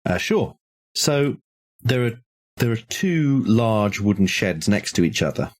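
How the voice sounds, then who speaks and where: Man, game master, very deep voice, breathy, measured horror narration, small hesitations. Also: big pitch swings.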